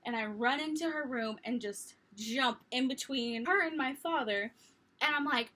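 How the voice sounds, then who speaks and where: Young adult woman, bright and slightly high, casual animated storyteller with self-mocking humor. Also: moderate pace. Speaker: vlogger.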